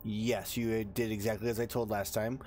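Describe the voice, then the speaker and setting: A man's voice: on the low side, little pitch movement, normal speed, loud music behind the voice, close to an everyday voice. Guy doing a cold dwarf crime boss, short threatening replies. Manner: curt, threatening, clipped replies.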